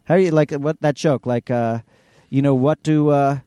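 Middle-aged guy co-hosting a podcast, mellow tone, animated ranting, mimics people in high voices. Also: normal speed, smooth, no echo. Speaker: podcast co-host. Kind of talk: casual ranting chat.

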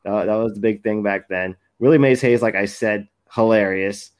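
A man's voice: fairly low pitch, steady tone, moderate pace, a little mellow. A man co-hosting a podcast, rambling and laughing as he recalls favorite movie scenes. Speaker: podcast co-host. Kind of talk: casual chat.

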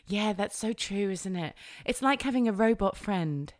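Giggly, animated woman in casual chat. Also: medium pitch, normal speed, dry recording, clean studio sound.

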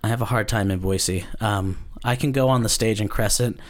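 A man's voice: on the low side, moderate pace. A man who does stand-up, telling a story in casual chat, laid-back and self-deprecating, chuckling often. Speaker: stand-up comedian, guest.

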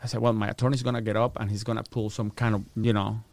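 A man's voice: fairly low pitch, fast, gravelly, no echo. A man with a Spanish-influenced accent telling his story in casual talk, acting out the people he quotes and swearing freely. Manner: animated, acts out quotes, swears. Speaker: guest.

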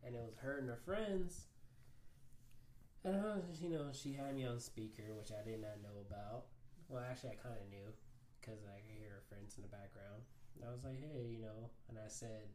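A man's voice: lowish voice, moderate pace, darkish tone, reverberant, slight background noise. A man with a Texan accent, co-hosting a casual podcast chat and telling stories in a laid-back, swearing way. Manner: laid-back storytelling, swears and laughs a lot.

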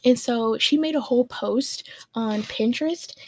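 A young adult woman with a slightly high voice hosts a casual solo podcast at a measured pace. She's bubbly and gushing, and she uses "like" heavily.

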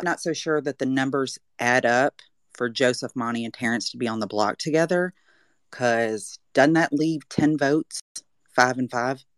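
A woman's voice: a bass voice, fairly bright tone, no room sound. A woman with a Southern US accent on a live audio chat, counting off her reality-show opinions point by point in an emphatic way. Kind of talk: casual reality-show reaction.

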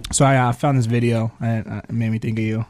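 A young man hosts a podcast in easy, loose chat. His talk is slangy and relaxed, with swearing dropped in casually, at a middling pitch. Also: vocal fry. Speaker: podcast host.

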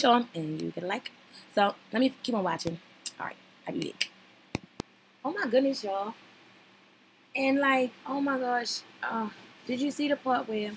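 A woman's voice: a little high, pushed and bright, a little hiss or hum, low-quality recording. Gushing, chatty woman podcast host. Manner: chatty and gushing, lots of fillers. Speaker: podcast host reacting to a reality show. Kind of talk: casual chat.

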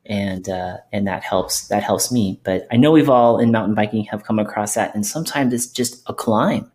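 A man hosting a podcast, chatting in a relaxed, conversational way with many fillers. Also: fairly low pitch, normal speed. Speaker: podcast host. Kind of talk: casual podcast chat.

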